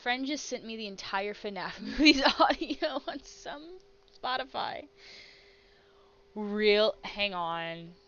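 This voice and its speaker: A woman streaming a game, chatting casually and excitably, laughing and sighing as she reacts, on dull lo-fi audio. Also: mid-range voice, slow pace, slight background noise. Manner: excitable, laughs and sighs between lines.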